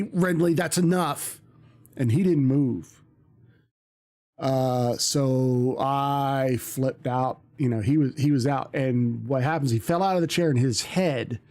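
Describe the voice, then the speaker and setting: A man's voice: medium pitch, a little mellow. A man, a streamer, telling a story in casual chat, rambling with many ums and restarts.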